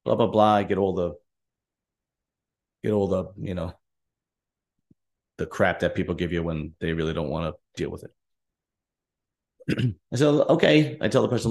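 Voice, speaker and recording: A man with a low voice tells a long story on his own show. He speaks bluntly and sounds fed up, and he reenacts what he and others said. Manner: direct, aggrieved, recounting dialogue. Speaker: podcast host. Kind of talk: casual storytelling monologue.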